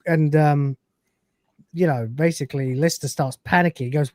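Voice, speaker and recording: A man's voice: fairly high pitch, steady tone, normal speed, a little mellow, dry recording. A man casually recapping an episode, rambling with fillers and swearing offhand. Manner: rambling, with many fillers and restarts. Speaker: host.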